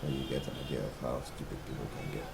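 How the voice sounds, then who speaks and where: A man with a Nigerian accent hosting an opinionated monologue, emphatic and ranting, with sudden loud outbursts. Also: very deep voice, fairly even intonation, fast talker, gravelly, heavy background noise. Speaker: host.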